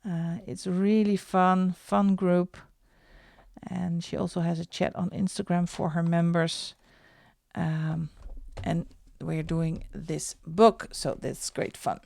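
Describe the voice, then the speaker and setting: A middle-aged woman hosting a coloring channel, chatting casually as she shows her books, with soft asides now and then. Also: on the low side, little pitch movement, gravelly, no room sound, clean studio sound. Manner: chatty, slow and unhurried, drops into soft asides. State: out of breath. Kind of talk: casual show-and-tell vlog.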